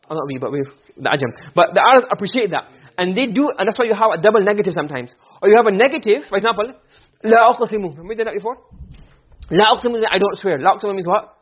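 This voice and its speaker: A man teaching Arabic grammar in a classroom, keeps quizzing his students with quick questions. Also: high voice, slightly rough. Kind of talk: classroom lesson. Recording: muffled lo-fi classroom recording.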